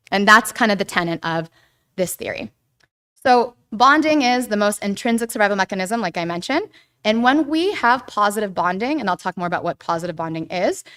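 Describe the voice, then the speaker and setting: Woman teaching a group, super clear smooth voice, talky and lively, keeps saying right? and like. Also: medium pitch. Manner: chatty, animated, says "right?" and "like" often. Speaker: guest speaker on attachment theory. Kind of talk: casual lecture to a church group.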